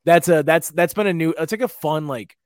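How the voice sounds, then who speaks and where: A man's voice: on the high side, a little fast, no room sound, studio quality. A man co-hosting a podcast in casual chat, joking, laughing often and acting out quotes in funny voices. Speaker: podcast co-host.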